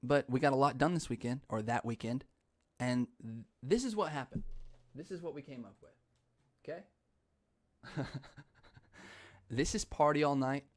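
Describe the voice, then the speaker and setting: A man's voice: mid-range voice, unhurried, long pauses, no echo. A young man hosting a podcast in casual chat, rambling, often laughing and swearing offhandedly. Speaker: podcast host.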